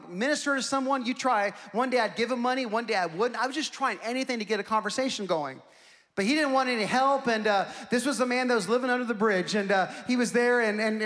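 A man preaching a sermon as a pastor, telling stories and rising to shouts at the high points. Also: long reverb tail.

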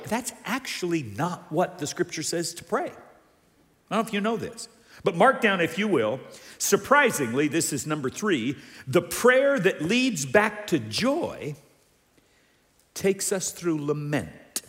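Animated male pastor in a reverberant church. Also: a little high, measured pace. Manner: animated, shifts between soft and emphatic. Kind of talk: sermon.

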